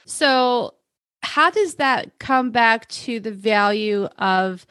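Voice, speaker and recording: A woman's voice: on the high side, animated, fairly bright tone, no echo. A woman hosting a podcast, summarizing takeaways and asking follow-up questions. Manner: measured, summarizing. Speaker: podcast host. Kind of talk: interview recap and questions.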